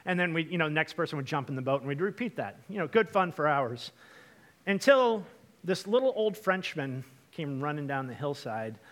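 A young man from Washington state preaching a storytelling sermon, chatty and lively, with lots of fillers and asides to the congregation. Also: on the high side, normal speed. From Washington state, USA. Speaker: pastor.

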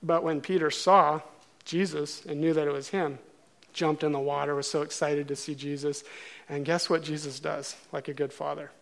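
A man preaching a sermon, telling a story in a casual, animated way and acting out the characters' lines. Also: fairly high pitch, normal speed, gravelly.

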